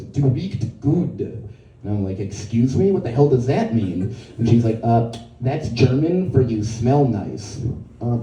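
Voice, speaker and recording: Guy doing standup, super mellow dark voice, echoey room, kinda far from the mic. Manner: conversational storytelling, quotes others in a lower voice. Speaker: stand-up comedian. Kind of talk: stand-up set. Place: comedy venue with a live audience.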